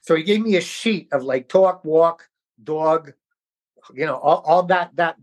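Middle-aged man, from New York, actor guest, animated storyteller, slightly high voice. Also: a little fast. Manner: animated, acts out quoted voices. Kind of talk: casual interview storytelling.

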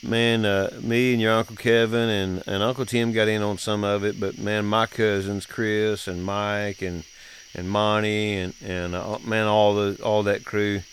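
A man's voice: on the low side, flat delivery, unhurried, a little hiss or hum. A middle-aged man telling family stories in a casual, drawling, laughing way. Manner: folksy, drawling, laughs often. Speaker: podcast host, father. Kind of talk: casual storytelling chat.

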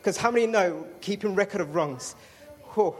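A man's voice: high voice, moderate pace, slightly rough. A man giving a chatty personal testimony to a congregation, with fillers and restarts. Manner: chatty storytelling with fillers and self-interrupting apologies.

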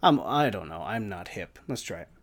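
A man's voice: on the low side, expressive, moderate pace, fairly bright tone. A man hosting a casual solo podcast rant from home, rambling and self-deprecating, with plenty of swearing. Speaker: podcast host. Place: home room with the fan off.

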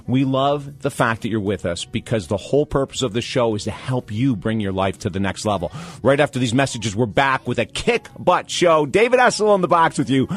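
Energetic male radio talk show host. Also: medium pitch. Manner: energetic, motivational, animated delivery.

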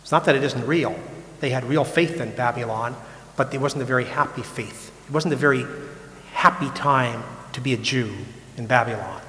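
A man's voice: medium pitch, normal speed, bright, forceful tone. An older man, a Catholic priest, preaching in a casual, frank way that often repeats and restarts words. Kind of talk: conversational sermon. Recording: echoey hall with long reverb.

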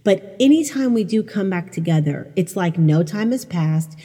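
Middle-aged woman host, low husky voice, candid and self-deprecating, reverby room. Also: animated, normal speed, mellow. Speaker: podcast host. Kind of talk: personal storytelling monologue.

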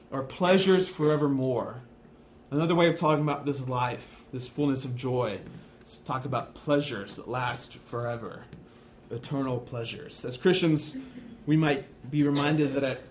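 A man with a slightly higher voice delivering a sermon as a pastor. He speaks with slow, deliberate emphasis and repeats his key phrases. A faint noise sits under the recording.

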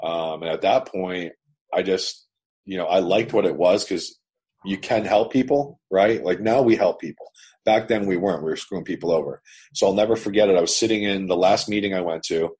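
Deep raspy dude from canada, blunt and swears a lot, talking over an online call. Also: male voice, brisk, darkish tone. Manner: blunt, profane, emphatic. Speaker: business owner, interview guest. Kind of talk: casual storytelling. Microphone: remote internet call.

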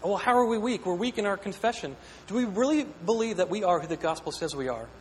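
A man's voice: sits high, expressive, fast talker. A pastor preaching a sermon, earnest and questioning, often repeating words as he builds a point. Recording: echoey hall with long reverb, faint hum.

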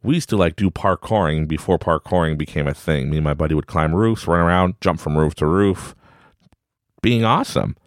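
A man's voice: deep voice, fairly quick, no echo, studio quality. A man in his forties hosting a podcast, giving a rambling, upbeat motivational talk and laughing often. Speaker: podcast host.

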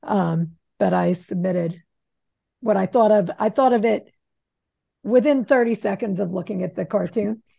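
A woman with a gravelly, creaky voice, chatting casually as a podcast co-host. She is talkative and giggles often. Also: medium pitch, unhurried, dark tone. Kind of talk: casual chat.

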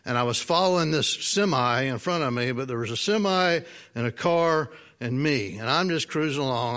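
A man preaching a sermon, telling a personal story in a folksy, animated way and asking the congregation questions. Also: medium pitch. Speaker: pastor.

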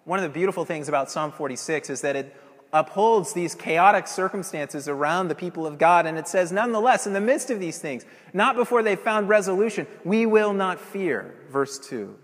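A male preacher delivers an evening sermon with earnest emphasis, pressing home his points with rhetorical questions. His voice sits a little high for a man. A long reverb trails each phrase, as in a church hall. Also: expressive, moderate pace.

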